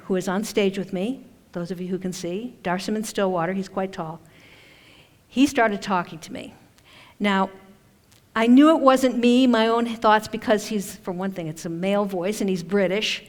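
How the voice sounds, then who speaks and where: A woman giving a chatty, conversational talk at a conference, with self-deprecating humor. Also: medium pitch. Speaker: conference speaker and author. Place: conference hall stage. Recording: long hall reverb.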